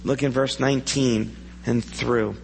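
A man gives an earnest sermon from the front of a church, turning to the congregation with questions. His voice sits at a middle pitch and rings out with the long reverb of the sanctuary, over a faint hum. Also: fairly even intonation, unhurried, gravelly. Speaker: preacher.

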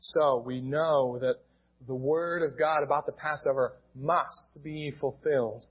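A man's voice: mid-range voice, steady tone, a little slow, slightly rough, dull audio. A male pastor with an American accent, preaching a sermon in a plain teaching tone and often restarting his words.

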